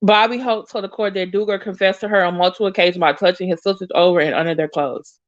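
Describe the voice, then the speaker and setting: A woman's voice: lowish voice, steady tone, fast, no echo, dull audio. A woman giving blunt, emotional reaction commentary as she reads news aloud, swearing and talking back at it. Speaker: commentary youtuber.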